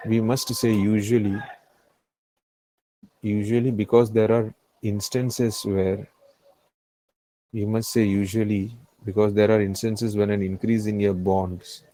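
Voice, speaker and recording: A man's voice: fairly low pitch, level tone, measured pace, long pauses, dark tone, poor audio. A man with an Indian English accent teaching a finance class, repeating key phrases and often checking that the students follow. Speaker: finance tutor. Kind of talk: live classroom lecture.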